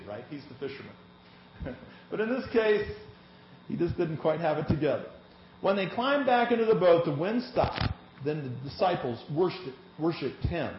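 A male pastor preaching a sermon, reading scripture aloud in an animated way to a congregation. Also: fairly high pitch, noisy background. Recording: echoey, slightly dull church recording.

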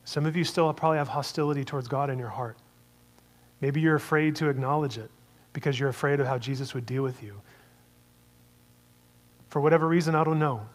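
A man's voice: mid-range voice, a little fast, pauses often, in a large hall. A man preaching a sermon in a conversational way, asking many rhetorical questions.

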